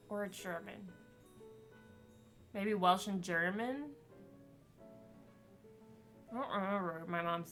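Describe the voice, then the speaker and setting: A woman's voice: mid-range voice, bright, forceful tone. A woman chatting casually and rambling as she streams a story game, laughing often. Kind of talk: casual chat while gaming.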